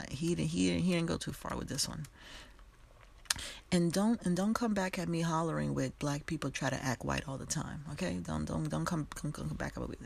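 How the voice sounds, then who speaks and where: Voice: medium pitch, creaky, slightly rough. A podcast host giving a passionate, emphatic solo commentary. They speak straight to the listeners in a conversational way, with asides and laughter.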